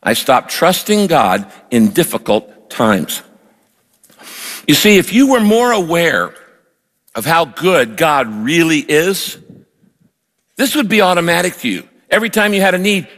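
An older pastor preaches with a lively, storytelling delivery and acts out his own prayers. His voice sits a little high for a man. The sound carries a long reverb, as in a big hall. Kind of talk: sermon with personal story.

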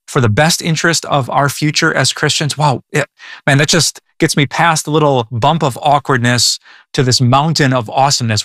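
Earnest bright-voiced male pastor. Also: mid-range voice, no echo, studio quality. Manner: earnest, conversational, stammers and repeats words. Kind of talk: devotional teaching.

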